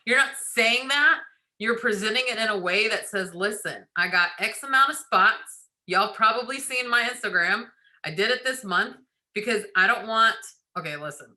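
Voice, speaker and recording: Very bright-voiced chatty woman. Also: mid-range voice. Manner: chatty, laughing, acts out quoted lines. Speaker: sales team leader giving a training. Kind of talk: casual recruiting training talk.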